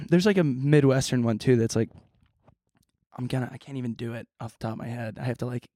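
A man's voice: medium pitch, a little fast, a little mellow, no room sound, clean studio sound. A man co-hosting a casual podcast, joking around in goofy banter. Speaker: podcast co-host. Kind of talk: casual chat.

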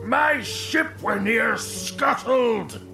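A furious old sea captain of an audio drama, his gravelly voice swinging wildly high and low as he drags out each word. A music score plays beneath him. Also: sing-song, slow pace, heavily acted. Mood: roaring. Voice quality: gravelly, roaring. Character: menacing old male sea captain, enraged. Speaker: pirate captain.

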